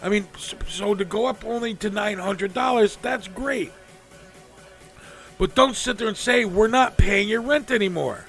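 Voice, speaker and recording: High gravelly man ranting on a stream. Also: measured pace, fairly bright tone, faint music behind. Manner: angry, profane venting with mocking quoted voices. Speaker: live stream host. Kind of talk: ranting casual talk.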